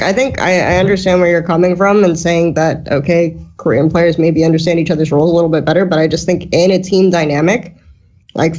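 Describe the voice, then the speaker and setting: A woman talking as an esports analyst in a casual podcast discussion, with a flat, deadpan delivery. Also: on the low side. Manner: flat deadpan delivery, self-described monotone. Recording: dull lo-fi audio.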